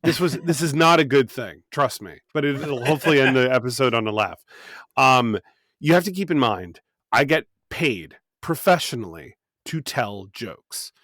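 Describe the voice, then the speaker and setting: A man's voice: mid-range voice, lively intonation, moderate pace, a bit bright, dry recording, studio quality. A man co-hosting a podcast, casually recounting a tabletop game story in a self-deprecating way and laughing often. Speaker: co-host and game master. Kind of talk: casual podcast chat and anecdote.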